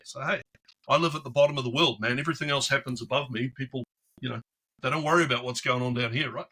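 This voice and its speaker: Bright, chatty male podcast guest. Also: medium pitch, a little fast, slightly rough. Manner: chatty, animated, acts out voices in anecdotes. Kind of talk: casual storytelling interview.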